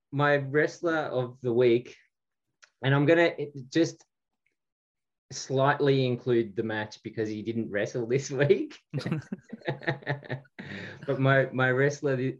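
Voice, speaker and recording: A man co-hosting a podcast in casual chat, lively, swearing and laughing often. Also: medium pitch, slow, pauses often. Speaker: podcast co-host. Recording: slightly dull lo-fi sound.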